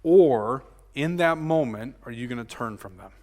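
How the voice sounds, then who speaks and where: A male pastor preaching a sermon. He swings between loud emphasis and hushed, near-murmured lines, and often checks in with the room by asking "right?". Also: medium pitch, expressive, moderate pace. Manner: frequent rhetorical "right?" tag questions. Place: church sanctuary. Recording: long reverb of a church sanctuary.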